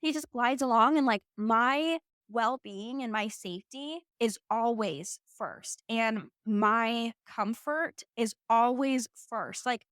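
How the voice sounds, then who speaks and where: A woman's voice: a little high, slow, hardly any pauses, fairly bright tone, smooth, no echo, studio quality. A young woman in her twenties hosting a podcast, telling a personal story in a casual, chatty way full of "like" fillers. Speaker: podcast host.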